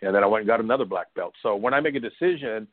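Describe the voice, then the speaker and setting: A middle-aged hypnosis trainer from San Diego, California, tells stories as an interview guest, racing along in a lowish voice with lively intonation. He laughs now and then and uses lots of fillers, and the audio is narrow and tinny with no room sound.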